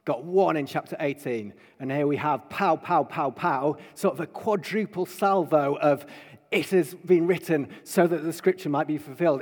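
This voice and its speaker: A man preaching a sermon to his congregation, building emphatically to loud proclaiming peaks. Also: fairly high pitch. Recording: long hall reverb.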